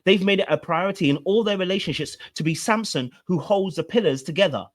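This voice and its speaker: A man's voice: high-pitched, brisk. A man, a relationship coach, commenting on a played clip and explaining with repeated rhetorical questions.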